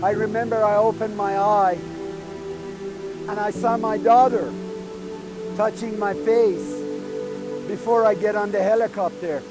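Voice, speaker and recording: A man's voice: high voice, fairly even intonation, poor audio. A middle-aged man from Iran, earnestly recounting events in a documentary interview. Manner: earnest, halting recollection. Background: music.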